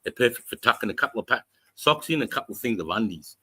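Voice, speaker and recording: A man's voice: mid-range voice, fast, a little hiss or hum, rough recording. Brash Australian man telling war stories. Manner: profane, animated storytelling with acted-out voices. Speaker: podcast host. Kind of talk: casual storytelling.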